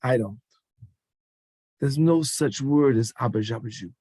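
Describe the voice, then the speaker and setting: Man, slow, dry-miked voice; emphatic, coaxing talk to a children's rally. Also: mid-range voice, dark tone, breathy edge, dry recording. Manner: call-and-response, coaxing and emphatic. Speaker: speaker addressing children.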